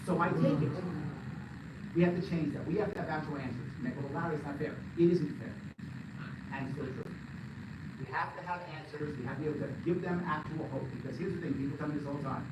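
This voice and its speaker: A man giving an animated, joking, emphatic speech to an audience at a live event. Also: on the high side, quick pace. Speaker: political commentator giving a speech. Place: large event hall. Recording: echoey hall from far off, loud noise.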